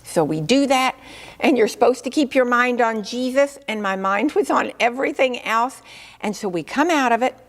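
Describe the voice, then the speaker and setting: A woman teaching on prayer in a church, telling a story in a lively way and acting out the voices of the people in it. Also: fairly high pitch, moderate pace, long reverb tail. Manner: lively, acts out quoted voices. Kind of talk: sermon storytelling.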